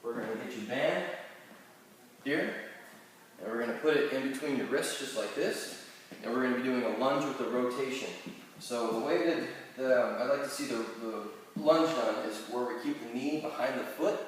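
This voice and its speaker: A chiropractor guides viewers step by step through back exercises, restarting his phrases now and then. His mid-range voice moves at a moderate pace, heard from afar in a very echoey room through a distant mic with slight background noise.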